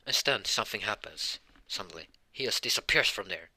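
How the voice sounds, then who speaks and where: A man's voice: on the low side, lively intonation, fairly quick, bright, forceful tone, no room sound. A man telling an improvised fan-fiction story in a rambling, hesitant way.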